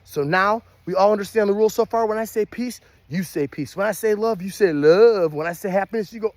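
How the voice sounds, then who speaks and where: A young man working as a party entertainer gives an upbeat how-to on children's party games. Acting out the calls, he erupts into loud, high-pitched shouts. He talks a little fast.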